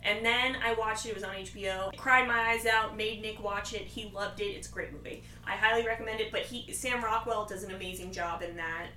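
A woman chatting enthusiastically about movies and retelling scenes quickly. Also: mid-range voice, fairly even intonation, sharp tone, recorded from a distance. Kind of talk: casual chat about movies. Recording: echoey room, off-mic, faint noise.

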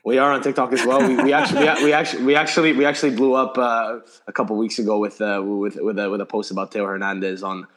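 Fast-talking man, stammering restarts. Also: mid-range voice, level tone, fairly bright tone. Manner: quick, repeats words when starting sentences. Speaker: podcast guest. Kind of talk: casual podcast chat.

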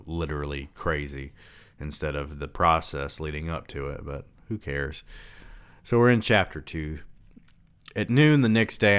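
A man reading a novel aloud and breaking off for relaxed commentary with swearing asides. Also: a bass voice, clean tone. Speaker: reader and book commentator.

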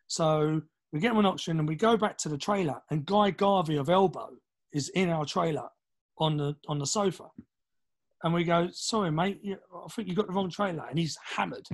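Lively East London storyteller man. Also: fairly high pitch, brisk. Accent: London English. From East London, England. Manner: animated, acts out quoted voices, swears casually. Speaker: podcast guest, drummer. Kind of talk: casual storytelling.

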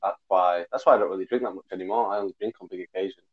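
A man's voice: low-pitched, racing, husky. A man in his twenties chatting casually, a rambling storyteller who corrects himself as he goes. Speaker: podcast co-host. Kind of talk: casual chat. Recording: muffled lo-fi recording.

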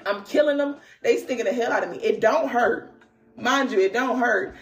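Her voice on the high side and her pace moderate, a young podcast host and spiritual reader casually recounts a dream. She's slangy and full of laughter and exclamations before she turns to a card reading.

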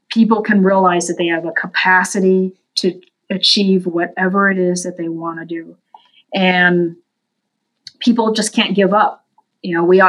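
A woman telling a story as a guest in an interview, in an earnest, unhurried way, livening it up when she quotes people. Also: rough recording. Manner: animated, voices the people in her story with big pitch jumps. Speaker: guest from a veterans' services group.

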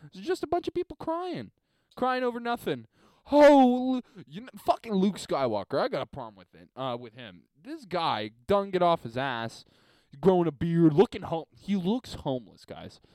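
A man's voice: on the high side, a little mellow, no room sound, studio quality. A man hosting a solo podcast from a basement, reading listener emails in a crude, sarcastic, rambling rant. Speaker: podcast host.

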